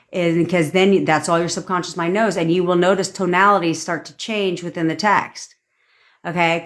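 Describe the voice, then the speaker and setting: A young adult woman with a fairly low voice talks straight at her viewers like a live coach. She rants bluntly and swears freely. She slips into little acted-out voices for the thoughts she quotes. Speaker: manifestation coach. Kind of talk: casual livestream rant.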